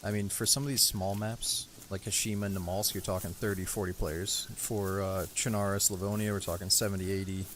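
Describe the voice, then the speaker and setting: Low-voiced laid-back male game streamer. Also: level tone, brisk, hardly any pauses, a bit bright, slight background noise. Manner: easygoing, rambling, thanks viewers. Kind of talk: casual live-stream chat while playing.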